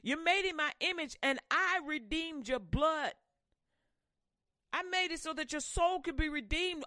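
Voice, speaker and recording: A woman preacher delivering a fiery sermon, swinging between loud pushes and hushed warnings. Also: sits high, expressive, measured pace, no room sound.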